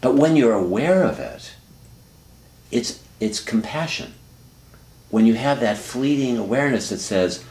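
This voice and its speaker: A man counseling someone in a calm, reflective, coaching way. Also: mid-range voice, measured pace, long pauses, reverberant. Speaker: therapist and teacher. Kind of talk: counseling dialogue.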